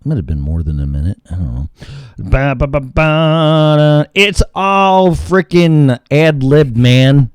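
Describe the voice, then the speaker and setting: Male radio talk host, ad-libbing and cursing, sings nonsense fillers, swooping pitch. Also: sing-song, takes it slowly, clean tone, dry recording, studio quality. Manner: crude, rambling, sings filler noises. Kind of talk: casual ad-libbed radio talk.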